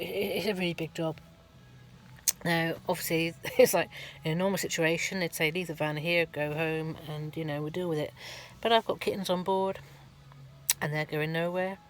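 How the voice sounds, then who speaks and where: A middle-aged woman, giving a rambling, chatty vlog update from her van at a garage, full of ums and restarts. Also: low-pitched. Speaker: van life vlogger.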